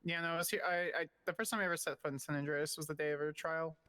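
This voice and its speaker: A roleplay character telling a story quickly, tripping over words. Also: medium pitch, fairly even intonation, bright, forceful tone, a little hiss or hum.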